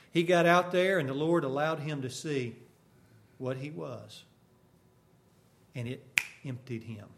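A man preaching a sermon, swinging from sudden loud bursts to hushed, quiet lines. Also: a little high, creaky.

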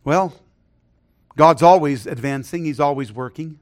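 Speaking at a measured pace, a middle-aged male preacher delivers his sermon in a noticeably high voice and asks earnestly for amens. His tone often sinks to a hushed softness whenever he recounts something personal.

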